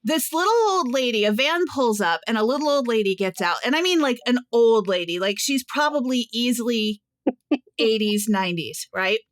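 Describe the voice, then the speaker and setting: A woman co-hosting a casual podcast, telling animated stories with frequent laughs. Her voice sits fairly high and sounds dry and close to the mic. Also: moderate pace, no echo. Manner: animated storyteller, laughs often. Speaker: podcast co-host. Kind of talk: casual chat. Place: Nashville.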